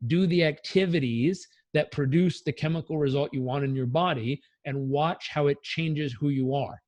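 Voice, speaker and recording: A man, a life coach, telling stories in a casual interview, energetic and blunt, swearing freely. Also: on the high side, moderate pace, no room sound.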